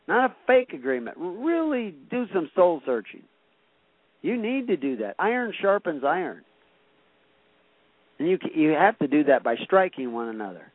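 A man's voice: fairly high pitch, very animated, moderate pace, no room sound. A man preaching a sermon, shifting from folksy storytelling to emphatic exhortation. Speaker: pastor. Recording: dry, tinny phone-like radio broadcast.

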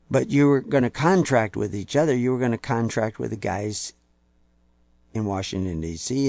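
A man preaching a sermon, building to loud, emphatic peaks and putting on mocking voices for quoted people. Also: on the low side, vocal fry, dry recording.

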